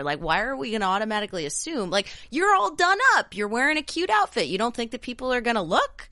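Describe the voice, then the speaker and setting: A woman's voice: medium pitch, very animated, a little fast, hardly any pauses, pushed and bright, no room sound, studio quality. A woman co-hosting a podcast, telling a story in casual chat, blunt and cursing freely. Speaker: podcast co-host.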